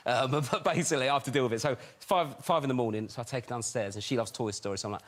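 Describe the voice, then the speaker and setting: A man's voice: medium pitch, very fast, few pauses. A man, a comedian guest, telling a chat show anecdote and acting out voices. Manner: animated, acts out voices in stories. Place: TV studio. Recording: loud studio audience and crowd noise.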